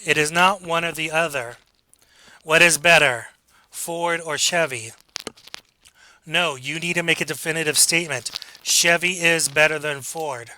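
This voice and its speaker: Guy teacher giving a lecture, kinda high voice, super bright and sharp sound, chatty, does little voices for examples. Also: fairly even intonation, measured pace, rough recording. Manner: conversational, acts out quoted examples. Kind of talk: recorded online lecture.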